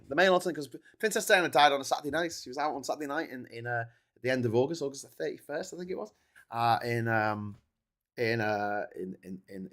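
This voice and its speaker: Rambling, swearing man. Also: medium pitch. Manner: swearing, rambling, laughs often, reads viewer comments. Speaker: host. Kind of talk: casual live-stream news chat.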